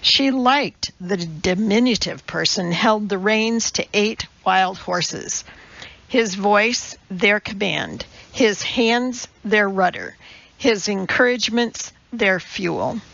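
A woman reads a novel aloud at a slow, unhurried pace, her voice carrying a gravelly creak. Her storytelling is measured and even. The recording has a slightly muffled, dull quality. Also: mid-range voice. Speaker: audiobook narrator. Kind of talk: scripted narration.

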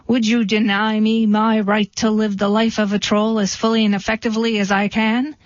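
A woman voicing a hairy, blustering male troll in a storybook reading, slow and gruff. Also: medium pitch, little pitch movement, dry recording, natural voice. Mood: menacing. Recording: dull, dry recording.

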